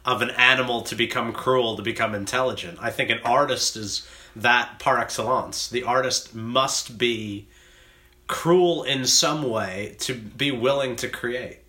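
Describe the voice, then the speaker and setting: A man with a mid-pitched, bright and forceful voice speaks in measured, philosophical terms during a casual podcast chat.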